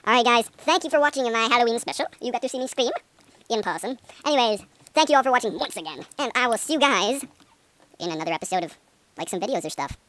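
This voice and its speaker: A woman's voice: on the high side, animated, fast. A woman playing a horror game for her channel, jittery and panicky, yelping and giggling nervously as she narrates. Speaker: gaming video creator. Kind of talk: horror game let's play. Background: loud creepy game music.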